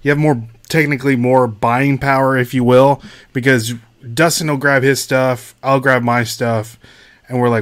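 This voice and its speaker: A man's voice: mid-range voice, fairly even intonation, moderate pace, dry recording. Casual man hosting a livestream. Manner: reads chat names aloud and greets viewers. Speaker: livestream host.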